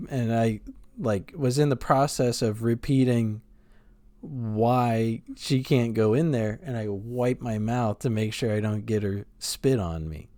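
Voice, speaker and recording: A man co-hosts a casual podcast, drawling through his stories at an unhurried pace. He laughs often and swears freely. The sound is dry and close, with no room around it. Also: on the low side, mellow, no room sound. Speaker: podcast co-host.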